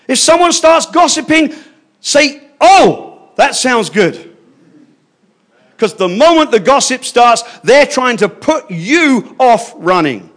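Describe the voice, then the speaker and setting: An older man preaching a fervent sermon, swinging between hushed asides and loud declarations. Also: very high-pitched, very animated, takes it slowly.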